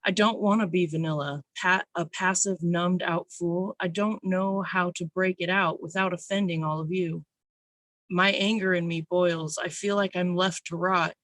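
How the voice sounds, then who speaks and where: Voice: mid-range voice, fairly bright tone, no echo. A poet reading their own spoken word poems at an online open mic, nervous but intense.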